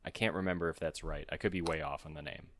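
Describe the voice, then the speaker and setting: A young man chatting casually while playing a game, rambling through a movie plot and doing quick silly voices for the characters. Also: a bass voice, steady tone, a bit bright. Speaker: let's play co-host. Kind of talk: casual gaming chat.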